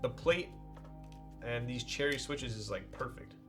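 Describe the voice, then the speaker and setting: A man's voice: medium pitch, unhurried, music in the background. A man chatting casually with his live-stream audience while he builds a keyboard, greeting viewers in a laid-back way.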